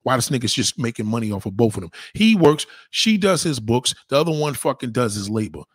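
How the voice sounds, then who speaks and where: A man delivering a profane, ranting monologue, emphatic and heated, swinging from loud outbursts to low muttering. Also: big pitch swings, a little fast, breathy edge, no echo.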